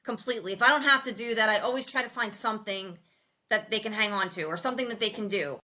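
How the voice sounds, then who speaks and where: Bright-voiced woman hosting a chat. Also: mid-range voice, fast. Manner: emotional, laughs often, lively storytelling. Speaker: podcast host. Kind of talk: casual chat.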